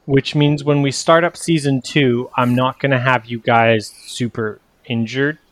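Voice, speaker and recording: A man runs a tabletop game as its game master, talking through the rules in an easy, meandering way. His voice sits at a middling pitch and is recorded dry and close, with no room sound. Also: measured pace, no room sound. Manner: relaxed, rambling explanations with fillers.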